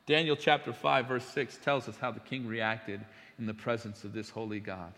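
A man preaching a sermon, telling stories with big swings between hushed, slow passages and loud bursts. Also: mid-range voice, fairly even intonation, big-room sound.

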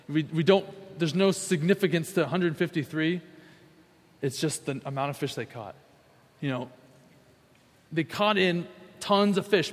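A man preaching a sermon, emphatic and repeating key phrases, acting out the people he quotes. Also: a little high. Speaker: pastor. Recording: long hall reverb.

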